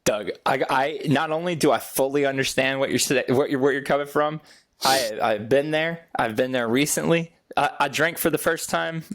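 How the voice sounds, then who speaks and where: A man's voice: medium pitch, normal speed, a bit bright, no room sound, clean studio sound. A man co-hosting a podcast, chiming in with jokes and profanity in casual chat. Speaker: podcast co-host.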